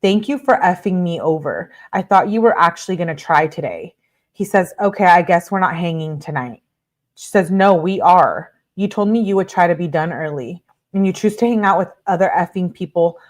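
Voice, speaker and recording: A woman's voice: on the low side, fairly quick. A woman hosting a true-crime commentary, casually reading text messages aloud and adding her own chatty reactions.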